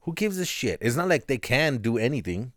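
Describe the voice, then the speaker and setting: A man's voice: medium pitch, big pitch swings, a little fast, fairly bright tone, no room sound, clean studio sound. A young adult man in casual podcast chat, joking, swearing and laughing often. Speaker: podcast co-host.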